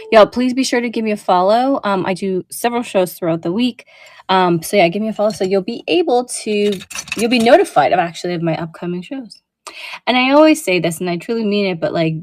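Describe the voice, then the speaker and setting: A woman's voice: medium pitch, darkish tone, dry recording. A woman hosting a casual live selling show, chatting with lots of fillers and friendly asides as she shows vintage jewelry. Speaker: online vintage jewelry seller.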